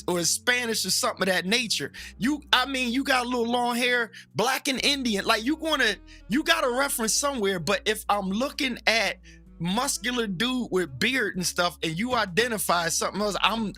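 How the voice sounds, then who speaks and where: Animated, bright-voiced preacher man talking frankly. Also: very high-pitched. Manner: animated, acts out other people's voices; frank and joking, drops into slow emphatic phrasing. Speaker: guest, Baptist preacher. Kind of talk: casual opinionated chat.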